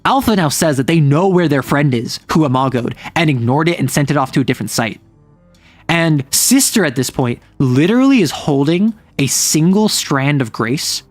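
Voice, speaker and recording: A man's voice: a little high, lively intonation, normal speed, dry recording, faint music behind. A man casually retelling a tabletop game session, rambling with lots of filler words. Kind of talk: casual storytelling recap.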